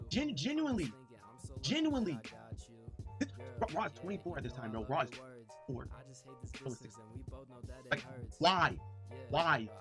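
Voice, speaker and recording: A man livestreaming, excitedly reading messages aloud and talking straight to his chat. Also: on the high side, moderate pace, pauses often, over music. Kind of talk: livestream commentary.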